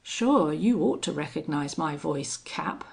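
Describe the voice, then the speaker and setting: A calm, cold western gunman who speaks gently while threatening, as a woman narrator puts him on. The delivery is slow and gravelly, with a soft menace in it. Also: sits low, heavily acted. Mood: coolly menacing. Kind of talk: audiobook reading.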